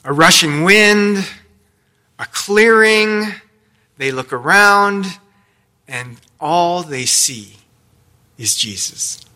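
A man's voice: sits high, animated, extremely slow, long pauses, sharp tone. A man preaching a sermon in church, telling the story with playful asides. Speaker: pastor. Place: church sanctuary.

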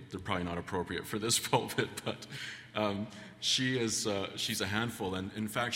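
A man's voice: deep voice, pushed and bright. A man preaching a sermon in a church, telling folksy family stories with plenty of ums and restarts. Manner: folksy, rambling, many fillers. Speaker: guest preacher. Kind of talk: sermon with storytelling. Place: church sanctuary. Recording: long church reverb.

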